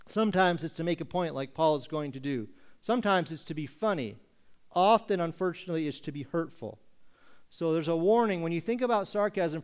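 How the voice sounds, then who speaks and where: Emphatic preacher man, fairly high voice. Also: clear, resonant tone. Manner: emphatic, deliberate, rhetorical questions. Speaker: pastor. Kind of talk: sermon.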